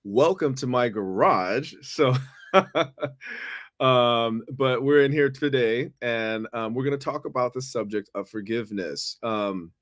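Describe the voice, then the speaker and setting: Male guest professor, mid-pitched, dry close sound, hesitant talk, calling in from a garage. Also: a bit bright, no room sound. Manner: halting, with fillers and restarts. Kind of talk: casual talk. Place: home garage.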